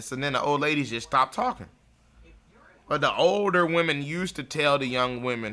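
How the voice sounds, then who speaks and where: A man hosts a livestream with a blunt, profane rant, mocking and chuckling at his own lines. His voice sits a bit high, with a very sharp, bright edge. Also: lively intonation, normal speed. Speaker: show host. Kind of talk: ranting livestream monologue.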